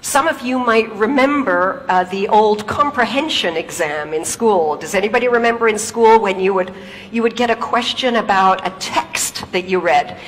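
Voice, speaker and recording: A woman's voice: mid-range voice, normal speed, big-room sound, a little hiss or hum, rough recording. A woman giving a stage talk in her native English, telling stories and asking the audience rhetorical questions. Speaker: public speaker.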